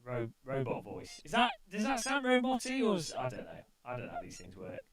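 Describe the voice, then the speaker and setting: A man's voice: sits high, wildly swooping pitch, a little fast, a bit bright. A man streaming a racing game, talking to himself in a goofy, playful way. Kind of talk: casual live stream chat.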